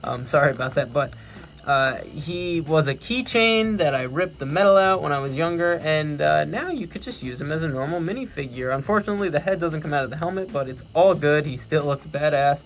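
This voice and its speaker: A man's voice: a little high, animated, fairly quick. A young man with a New York accent casually reviewing his toy collection, enthusiastic and rambling, often correcting himself.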